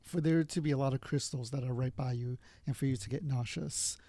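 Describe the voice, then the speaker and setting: A woman's voice: a bass voice, steady tone, fairly quick, mellow, no echo. A woman hosting a podcast, asking curious, probing questions. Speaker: podcast host. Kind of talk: interview questions.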